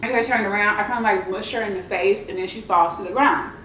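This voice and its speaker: A woman's voice: medium pitch, fast talker, reverberant, slight background noise, low-quality recording. Chatty woman telling a story while eating. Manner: chatty, animated, addresses viewers as y'all. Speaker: vlogger.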